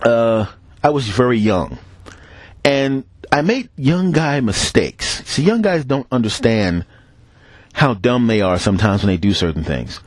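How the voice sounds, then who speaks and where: A man's voice: medium pitch, no echo. A middle-aged man hosting a podcast, telling comic stories casually and acting out the voices of the people in them. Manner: animated, acts out quoted voices, laughs between bits. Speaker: podcast host. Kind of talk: casual comic storytelling monologue.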